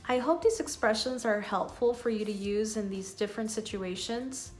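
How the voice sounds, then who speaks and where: A woman teaching an online English lesson. She speaks slowly and calmly, modelling each phrase clearly. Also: fairly high pitch, soft background music.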